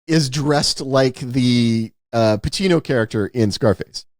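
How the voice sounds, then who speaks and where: A man's voice: mid-range voice, unhurried, no room sound, clean studio sound. A man co-hosting a podcast, chatting casually about a film and thinking aloud as he talks. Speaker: podcast co-host. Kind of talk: casual movie review chat.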